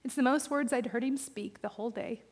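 A woman pastor preaching a sermon, personal and animated, with self-deprecating humor. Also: on the high side, brisk, breathy edge. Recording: reverberant hall.

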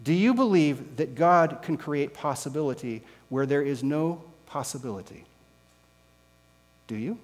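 A male pastor preaching a sermon with slow, emphatic rhetorical questions. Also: fairly high pitch, expressive, soft background music. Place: church sanctuary. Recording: long reverb with mains hum.

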